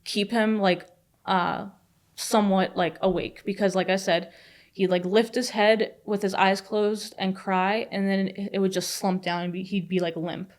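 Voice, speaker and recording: A young woman telling a personal story as a podcast guest, fast and chatty with many fillers. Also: medium pitch, flat delivery. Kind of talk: casual storytelling.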